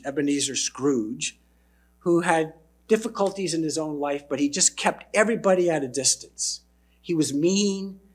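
A male preacher delivering a sermon in a husky, slightly high voice. He speaks slowly and with emphasis, letting his voice sink low and quiet on key words.

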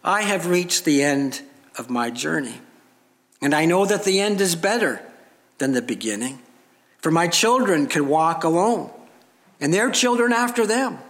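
Old mother at life's end, calm and gentle, slow as a man reads her, big hall echo. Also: on the high side. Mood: serene. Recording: long reverb of a large hall.

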